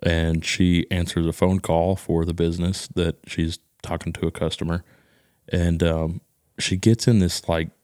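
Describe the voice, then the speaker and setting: Texan male podcast host, very deep voice, loose joking delivery, dry close sound. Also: level tone, measured pace, darkish tone, dry recording. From Texas. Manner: joking, mimics voices in quotes. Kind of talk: casual podcast chat.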